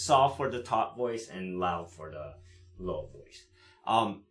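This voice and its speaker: A man teaching cello in a live lesson, explaining in a relaxed way with many fillers and frequent "right?" checks, pausing to play the instrument. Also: deep voice. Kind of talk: live online music lesson. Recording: roomy sound with cello playing. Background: cello playing between phrases.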